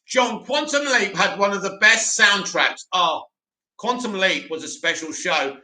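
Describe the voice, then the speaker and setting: A man hosting a live stream, chatting casually and answering viewer comments in an animated way. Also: sits high, a little slow, echoey room. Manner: chatty, animated, mocks a dramatic voice.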